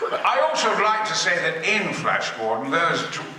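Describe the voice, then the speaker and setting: An older man telling bawdy anecdotes on stage at a fan convention panel, booming, sweary and theatrical. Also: sing-song, normal speed, crowd noise. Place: large convention hall. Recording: echoey hall recorded from far off.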